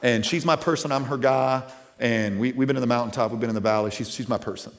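A man in his thirties preaching a sermon as pastor, talking casually with restarts and repeated words, then rising to loud, emphatic peaks. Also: medium pitch, fast.

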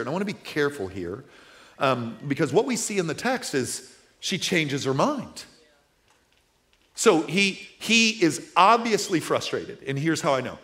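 A middle-aged man preaching to his congregation, talking casually one moment and hammering points home the next. His voice sits a little high and moves with lively, animated pitch. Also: a little slow. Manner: conversational preaching that swells to forceful emphasis. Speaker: pastor. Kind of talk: sermon.

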